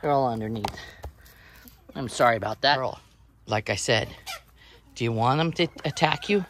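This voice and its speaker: A woman's voice: rumbling low, moderate pace, a bit bright, slight background noise. A woman vlogging from her small farm, chatting casually to viewers while scolding and coaxing her chickens as she does chores outdoors. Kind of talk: casual vlog narration while doing chores. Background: clucking chickens and birds.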